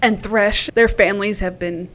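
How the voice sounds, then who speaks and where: A woman's voice: mid-range voice, fairly even intonation, moderate pace, fairly bright tone, slight background noise. A young woman casually retelling a book plot, blunt and profane with joking asides. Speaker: book recap vlogger. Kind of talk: casual chatty plot recap.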